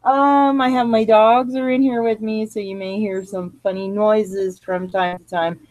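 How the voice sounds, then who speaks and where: A woman's voice: medium pitch, flat delivery, measured pace, a little mellow, no room sound, low-quality recording. A woman hosting a live radio show from her living room, talking in a rambling, chatty way and laughing at herself as she goes. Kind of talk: casual live radio chat.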